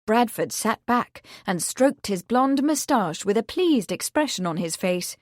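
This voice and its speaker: A woman reading a mystery novel aloud in an expressive, clear way. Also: medium pitch, unhurried, hardly any pauses, no echo, studio quality. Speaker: audiobook reader. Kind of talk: scripted narration.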